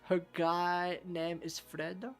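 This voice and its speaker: A woman streaming a video game, chatting with viewers in a giggly, animated way. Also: lowish voice, slow pace, smooth, soft background music. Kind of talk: casual live gameplay commentary.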